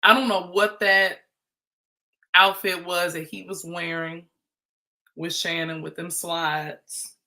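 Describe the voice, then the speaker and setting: A woman hosts a live stream with a bright, forceful voice. Her talk is chatty and teasing, casual commentary aimed straight at her viewers. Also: lowish voice, level tone, slow, pauses often. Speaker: livestream host.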